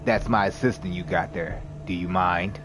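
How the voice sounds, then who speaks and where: A man voicing a gravelly, streetwise male vampire who talks easily and calls people darling and honey. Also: deep voice, steady tone, moderate pace, music in the background, close to an everyday voice. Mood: teasing.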